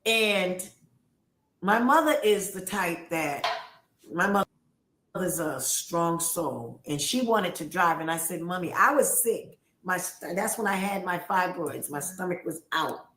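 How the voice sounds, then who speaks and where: A woman's voice: fairly low pitch, expressive, a little slow, a bit bright. Emphatic woman telling a story in a roomy space. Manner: emphatic, acts out quoted voices. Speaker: guest on a livestream. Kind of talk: animated storytelling. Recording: roomy echo.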